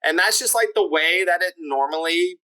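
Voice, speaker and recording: A man talks as a guest on a podcast, and his voice has a bright, forceful edge. He explains his points in a loose, chatty way and fills his sentences with "like" and "you know." He often poses quick questions and then answers them himself. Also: high voice, poor audio. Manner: talkative, leans on "like" and "you know" fillers; lays out points step by step with rhetorical questions. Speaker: podcast guest discussing immigration. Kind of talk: casual explanatory interview talk.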